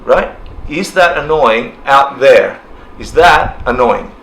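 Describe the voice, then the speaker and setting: A man teaching a relaxed class, talking casually, laughing often and acting out people's reactions. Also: mid-range voice, slow pace. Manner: animated, laughs often, acts out quoted reactions. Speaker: dharma teacher. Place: indoor class room. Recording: roomy echo, faint ambient noise.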